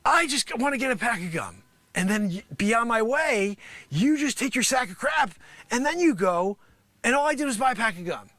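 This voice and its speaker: A man's voice: very high-pitched, expressive, normal speed, sharp tone, dry recording. A man doing an improvised comedic rant, exasperated and rambling. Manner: exasperated, rambling, repeats "freaking". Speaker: comedy performer.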